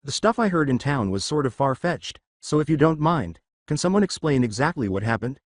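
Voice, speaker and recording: A protective young male ninja who scolds in a reproachful tone, read by a man in his own voice. The delivery swings in pitch, recorded dry and close. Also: very animated, brisk, no room sound.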